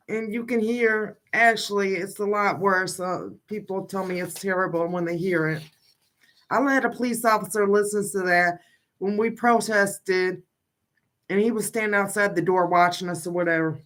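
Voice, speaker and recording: A woman's voice: mid-range voice, fairly even intonation, normal speed, a bit bright. A middle-aged woman, a grieving mother, talking casually on a livestream and insistently reading out a list of questions. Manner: blunt and insistent, pressing question after question.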